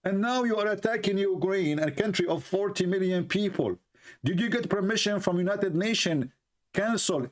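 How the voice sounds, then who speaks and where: A non-native-speaking man with a high, animated voice hosts a livestream at a normal pace. He mocks a clip he's playing, firing off sarcastic rhetorical questions again and again.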